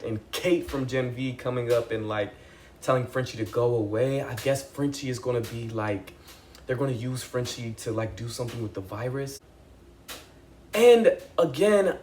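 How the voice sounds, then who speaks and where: Casting: young adult man, mid-range voice, excitable and chatty, casual TV recap. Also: medium pitch, slight background noise. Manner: excitable, animated, chatty with lots of "like" and "y'all". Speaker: TV recap vlogger.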